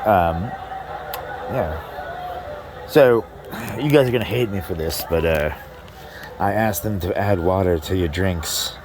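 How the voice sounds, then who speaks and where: Rambling low-voiced stand-up comic. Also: male voice, measured pace, pauses often, darkish tone, a little hiss or hum, poor audio. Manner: rambling, self-interrupting, laughing at own jokes. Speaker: stand-up comedian. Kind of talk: stand-up comedy set. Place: comedy club stage.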